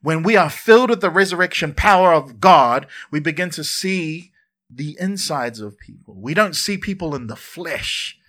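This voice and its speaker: A man preaching a sermon in church, lively and conversational, often repeating words and adding asides. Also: on the high side, moderate pace. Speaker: pastor.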